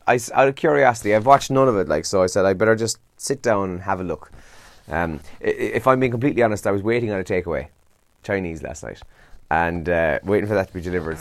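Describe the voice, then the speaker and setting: A young Irish man runs through the morning papers and trends on his breakfast show in a chatty, slightly worn-out way. His voice sits a bit low, and the sound is close and dry. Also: dry recording. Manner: chatty, tired and yawning, says lads. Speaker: radio breakfast show host. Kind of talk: casual newspaper and trends roundup.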